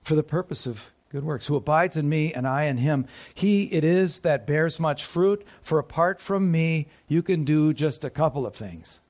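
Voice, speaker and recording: A pastor with a slightly higher-pitched voice preaches a morning sermon. He keeps asking the room questions and waits for them to answer. At times he drops to a soft aside. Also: normal speed, few pauses. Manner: call-and-response questions to the congregation, dropping to soft asides.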